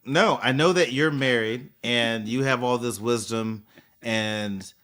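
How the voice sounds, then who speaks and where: A podcast co-host with a medium-pitched, slow voice chats casually, getting animated and acting out little scenes to argue his point.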